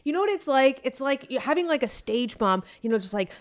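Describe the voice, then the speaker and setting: A woman's voice: sits high, very animated, a little fast. A woman co-hosting a casual podcast, sarcastic and swearing, playing up her annoyance. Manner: sarcastic, swearing, mock-furious. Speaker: podcast co-host. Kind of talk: casual chat.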